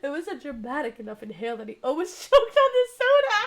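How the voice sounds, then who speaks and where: A young woman in her twenties streaming herself reading a dating game aloud, giggly and excitable, her voice strained and cracking. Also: sits high, fast. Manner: giggly, excitable, chats with viewers.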